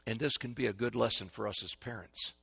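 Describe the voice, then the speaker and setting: A man preaching a sermon to a congregation, swinging between loud proclaiming and hushed, dramatic quiet. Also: lowish voice, fairly quick, vocal fry, slightly rough.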